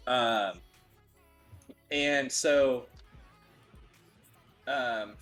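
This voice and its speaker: A man narrates a tabletop game as its game master in a casual, loose way. His pitch sits in the middle range. His narration is full of fillers. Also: a bit bright.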